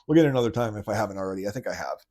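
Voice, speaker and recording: Podcast host, male, lowish voice, rambling and blunt, casual monologue. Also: animated, racing, dark tone. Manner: rambling, loose, many restarts and "like" fillers; blunt and mocking, with occasional swearing.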